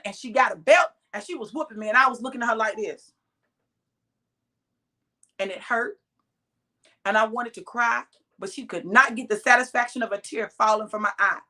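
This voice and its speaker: A woman's voice: on the high side, normal speed, pauses often, sharp tone. A middle-aged woman preaching straight to her listeners, emphatic and direct, drawing out the words she stresses. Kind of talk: sermon-style exhortation.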